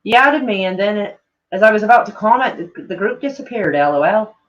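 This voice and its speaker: A woman's voice: mid-range voice, expressive, a little fast, lightly acted. A woman trying out a Scottish accent while reading a message aloud; her attempt keeps slipping into an Irish-sounding twang. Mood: tentative. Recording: dull lo-fi sound.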